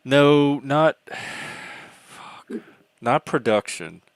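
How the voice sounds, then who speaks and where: A man chatting casually on a call, asking questions in a measured way. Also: medium pitch, clean tone, no echo. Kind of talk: casual chat.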